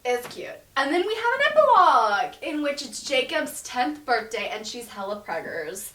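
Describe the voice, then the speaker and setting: A young woman hosting a comedic book review, sarcastic and profane, retelling the plot with animated asides. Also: high-pitched, moderate pace. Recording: roomy echo, distant mic.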